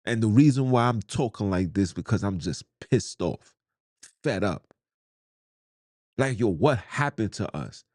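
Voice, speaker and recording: A man's voice: on the low side, expressive, a little slow, long pauses, a little mellow, no room sound, clean studio sound. A man, hosting a podcast in a blunt, heated, slangy monologue. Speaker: podcast host. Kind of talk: ranting monologue.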